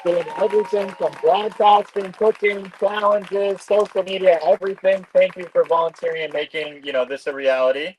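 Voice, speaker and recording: A man's voice: high voice, fairly even intonation, moderate pace, hardly any pauses. Man host thanking a noisy crowd. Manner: warm list of thank-yous to the crowd. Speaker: host of the event. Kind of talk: on-site speech of thanks.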